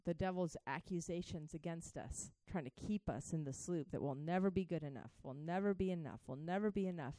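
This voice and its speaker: A woman preaching a sermon, swinging from hushed to joyfully shouting and talking straight to her listeners. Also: on the low side, a little fast, hardly any pauses, no echo. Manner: laughs between points, speaks to listeners as guys.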